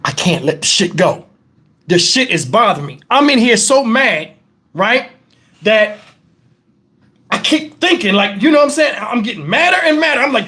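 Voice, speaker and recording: High-voiced, heated man. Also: animated, normal speed, fairly bright tone. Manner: heated, profane, emphatic retelling. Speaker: vlogger. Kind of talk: angry storytime rant.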